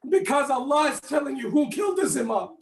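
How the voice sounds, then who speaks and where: A man with a very high voice preaches a fervent sermon, pressing his listeners with questions and often pushing to a near shout. The sound rings around an echoey congregation hall. His delivery stays urgent and emotional. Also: expressive, brisk, creaky. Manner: addresses listeners directly with questions. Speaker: speaker at a mourning gathering. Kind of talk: impassioned sermon.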